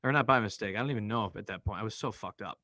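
A man from Boston, a podcast guest, telling a personal story in a blunt, profane, animated way and acting out what people said. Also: fairly low pitch, racing, dry recording. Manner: blunt, profane, animated retelling with acted-out quotes.

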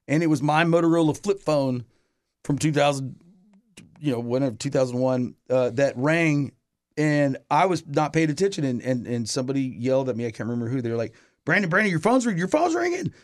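This middle-aged man, a touring musician, chats casually through a long story, rambling with many fillers and false starts. His mid-range voice is fairly quick and darkish in tone, captured in studio quality with no room sound.

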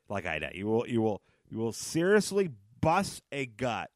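With a medium-pitched voice, a man chats and rambles through his casual solo podcast, frequently laughing at his own jokes and repeating phrases for emphasis. It's clean studio sound with no room sound.

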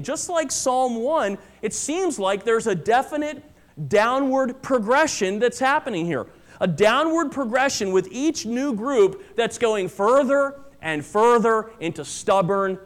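A pastor preaching a sermon to his congregation, earnest and emphatic, repeating key phrases for weight. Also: very high-pitched. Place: church.

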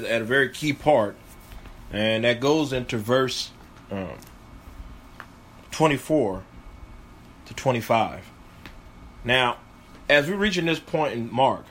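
A man's voice: medium pitch, fairly bright tone, a little hiss or hum. A man, a pastor, teaching a Bible passage in a video sermon, earnest and emphatic, often repeating his key phrases.

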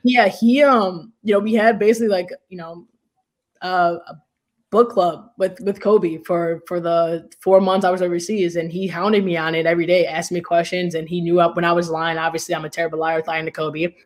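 A woman's voice: lowish voice, steady tone, fairly quick. Chatty young woman telling a story. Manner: rambling, full of "like" and "you know". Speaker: interview guest, basketball player. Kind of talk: casual storytelling.

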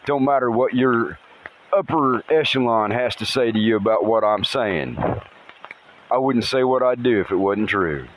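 A man hosting a podcast outdoors in a rainstorm by a river, talking in an excitable, rambling way and swearing casually. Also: mid-range voice, normal speed, slight background noise, low-quality recording. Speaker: podcast host. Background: faint rain and river ambience.

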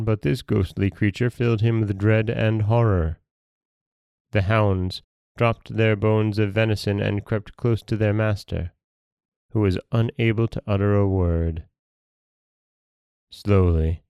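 Low-voiced male folktale storyteller. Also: a little mellow, smooth, no room sound, muffled recording. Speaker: podcast host and storyteller. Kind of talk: folktale reading.

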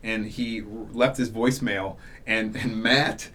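A man's voice: lowish voice, fairly even intonation, measured pace, pushed and bright. A man in casual podcast conversation, telling stories animatedly, acting out quotes and using many fillers. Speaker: podcast guest, audio drama author.

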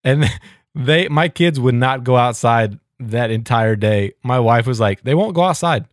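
A man's voice: mid-range voice, fairly even intonation, dry recording. Guy in his 30s telling a story on a podcast, mid voice, dry sound. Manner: chatty, quick to laugh. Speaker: podcast co-host. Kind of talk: casual chat.

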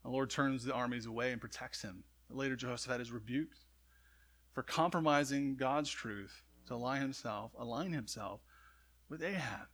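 A man's voice: medium pitch, normal speed, fairly bright tone. A man preaching a sermon, retelling a scripture story in a conversational way with frequent asides to the congregation. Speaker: pastor.

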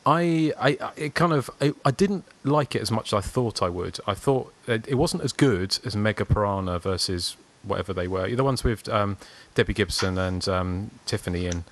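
Low low voice, posh-ish southern english guy rambling on a podcast. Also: lively intonation, moderate pace, few pauses. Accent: English, southern, slightly posh. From Surrey, England. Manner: meandering, self-deprecating storytelling. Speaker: podcast co-host. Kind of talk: casual chat.

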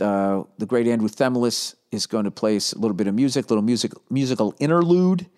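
A man's voice: mid-range voice, fast talker, few pauses, darkish tone. A man hosting a solo podcast, rambling in a profane, jokey way about his life. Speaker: podcast host.

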